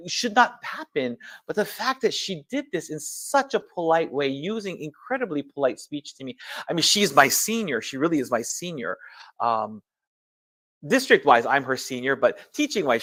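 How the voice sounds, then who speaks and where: A man delivers a heartfelt testimony sermon at a church memorial service, his voice sitting a little high for a man. He tells his story with animation, acting out the people he quotes and slipping Japanese religious terms into his English. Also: fairly bright tone.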